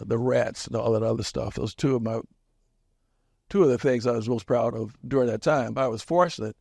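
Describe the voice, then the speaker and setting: A man's voice: medium pitch, darkish tone, no room sound, studio quality. Wry older man telling stories. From small-town Kansas. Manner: emphatic, wry, chuckles at his own stories. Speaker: interviewee, community activist. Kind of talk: reflective storytelling interview.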